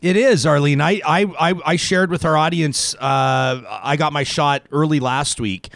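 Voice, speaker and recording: A male talk show host tells a personal story in a reflective way that turns animated. His voice sits a bit high for a man. The sound is dry and close, with no room around it. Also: normal speed, no room sound. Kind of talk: casual talk show conversation.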